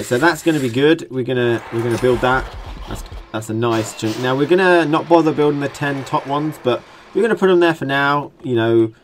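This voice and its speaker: A man's voice: mid-range voice, slight background noise. A young British man, a gaming channel host, giving rambling, jokey let's-play commentary while he builds in a game. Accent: British English. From Britain.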